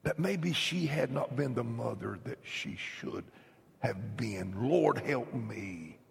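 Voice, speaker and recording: Slow, gravelly preacher man. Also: medium pitch, lively intonation, long reverb tail. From North Carolina. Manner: emphatic revival preaching, swinging from shouts to hushed whispers. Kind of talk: sermon. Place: church sanctuary.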